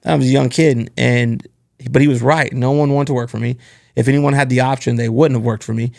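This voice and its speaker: Male podcast host, mid-range voice with gravelly texture, candid and earnest storytelling. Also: medium pitch, steady tone, brisk, warm tone. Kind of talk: casual podcast conversation.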